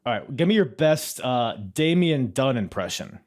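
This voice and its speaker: A man's voice: medium pitch, sing-song, normal speed. A man hosting a casual wrestling podcast, laid-back and laughing often. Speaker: podcast host.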